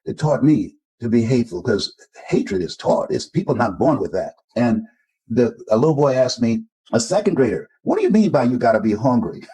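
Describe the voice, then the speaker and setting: An older motivational speaker from Florida, United States, tells stories in an interview, emphatically acting out the voices he quotes. His mid-range voice is dark-toned and slightly rough, and the recording is rough.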